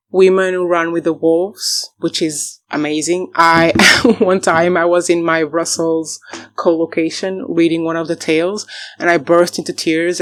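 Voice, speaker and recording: A woman with a slightly low voice chats through her reading pile in a casual book vlog. She is enthusiastic and laughs often, correcting herself mid-sentence as she goes. The sound is dry and close. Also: dry recording. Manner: rambling, self-correcting asides. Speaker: book vlogger.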